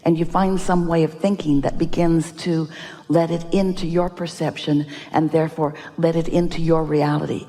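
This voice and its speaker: A woman's voice: low-pitched, level tone, dark tone. Woman preaching in an echoing hall. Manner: speaks as "we", emphatic drawn-out "oh"s and sighs. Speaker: inspirational speaker. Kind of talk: live motivational seminar talk.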